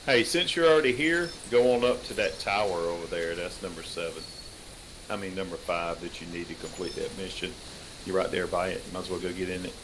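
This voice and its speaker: A man's voice: low voice, brisk, noisy background. A man hosting a hunting game stream, chatting casually and teasing his guest. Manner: joking, teasing, laid-back. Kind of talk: casual gameplay chat.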